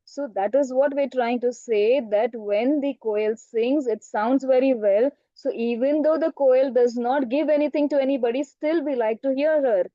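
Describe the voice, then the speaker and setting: A high-voiced woman teacher tells a children's story and keeps quizzing her listeners. Her tone is mellow, and the online call audio is dull and dry. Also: normal speed, few pauses, dry recording. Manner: asks the class questions, frequent "right?" and "okay".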